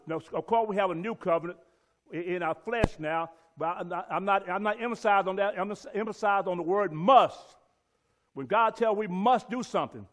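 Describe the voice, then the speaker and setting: A man's voice: sits high, normal speed. A man teaching a Bible lesson and reading scripture aloud, emphatic and repeating key words for stress.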